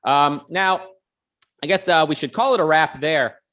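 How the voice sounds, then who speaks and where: A man's voice: a little high, normal speed, fairly bright tone. A man co-hosting a casual livestream, talking loosely and joking, with plenty of fillers and restarts. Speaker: co-host.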